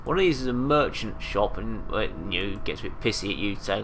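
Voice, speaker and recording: A man's voice: fairly low pitch, expressive, fairly quick, fairly bright tone, slight background noise. A man giving casual, rambling let's-play commentary, hesitant and full of fillers. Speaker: game commentator.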